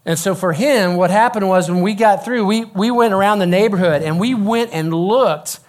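Middle-aged guy preaching, lively storyteller, drops way quiet doing dialogue. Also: high voice, normal speed. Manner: animated storyteller, drops to a hushed voice for quoted dialogue. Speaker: youth pastor. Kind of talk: sermon with personal story.

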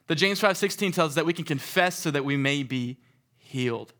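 A young man giving a sermon to a live audience in a room, talking in a casual, animated way and acting out stories. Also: a little high, fairly quick. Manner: animated, conversational, acts out stories. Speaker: youth speaker.

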